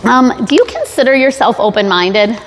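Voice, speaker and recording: A woman's voice: fairly high pitch, animated, moderate pace, slight background noise. Chatty saleswoman in an echoing hall. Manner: chatty, many fillers and restarts, jokey asides. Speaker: sales trainer giving a talk. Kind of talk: casual live talk to an audience. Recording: long hall reverb.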